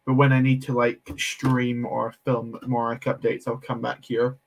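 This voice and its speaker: A man chats casually through a live building stream. He reads viewers' comments aloud and laughs often. His talk is loose and friendly, full of quick asides. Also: mid-range voice, monotone, vocal fry, a little hiss or hum. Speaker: Lego streamer.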